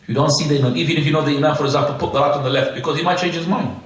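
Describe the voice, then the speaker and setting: A man teaching a religious lesson, asking his listeners questions and answering them himself in a lively way. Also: fairly high pitch. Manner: animated, rhetorical questions and quick answers. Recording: echoey room, mic far off.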